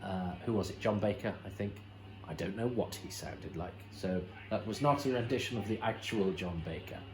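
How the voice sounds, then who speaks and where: A man's voice: fairly low pitch, moderate pace, rough recording. A man hosting a watch-along, commenting on an old episode in a chatty, enthusiastic way with many fillers and restarts. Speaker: host.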